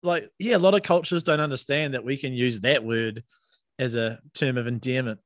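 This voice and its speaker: A man's voice: mid-range voice, moderate pace, no echo, studio quality. A man with a New Zealand accent, co-hosting a podcast in casual chat, laid-back and joking, with lots of slang. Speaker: podcast co-host.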